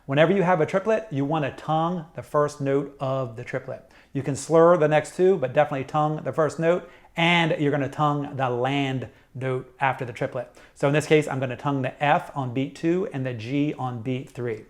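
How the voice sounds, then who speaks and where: A middle-aged man teaching a saxophone lesson, explaining jazz articulation step by step in a clear, methodical way. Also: a little high, brisk, few pauses. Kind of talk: instructional music lesson.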